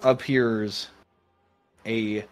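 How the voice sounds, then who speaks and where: Young male game master, casual and halting. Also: on the low side, flat delivery, soft background music. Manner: casual, hesitant narration with many fillers. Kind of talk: narrating a tabletop game.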